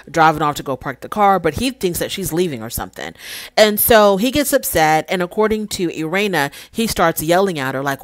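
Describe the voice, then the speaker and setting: A woman giving a casual, opinionated review of a reality TV episode, retelling scenes and acting out quotes with animated emphasis. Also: on the low side, no echo.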